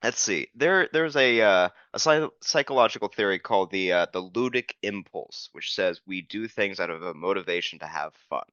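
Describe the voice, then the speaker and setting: A man's voice: deep voice, expressive, normal speed, few pauses, sharp tone, no room sound, muffled recording. A man guesting on a podcast, talking in a casual interview in an earnest, playful way.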